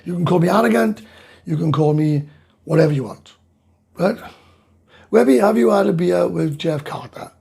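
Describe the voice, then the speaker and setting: Welsh guy doing a sweary live chat, rough raspy gravelly voice, kinda high pitched. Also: normal speed, pauses often, a little mellow. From Wales. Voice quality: gravelly, very husky. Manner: blunt, sweary, ranting, reads viewer comments aloud. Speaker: livestream host reading chat.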